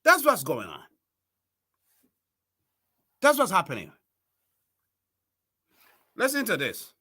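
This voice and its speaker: Man, political talk host, high voice, emphatic, low mutters to shouts. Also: huge pitch swings, slow pace, husky. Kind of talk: political commentary.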